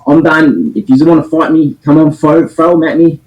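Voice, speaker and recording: A man's voice: a little high, fairly even intonation, normal speed, darkish tone, slight background noise, low-quality recording. A man with an Australian accent, talking in a casual livestream chat, emphatic, fired up and swearing often. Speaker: co-host reviewing a film.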